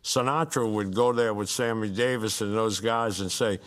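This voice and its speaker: A man's voice: on the low side, moderate pace, hardly any pauses, a bit bright. A man giving a documentary interview, earnest and sometimes searching for words as he reminisces.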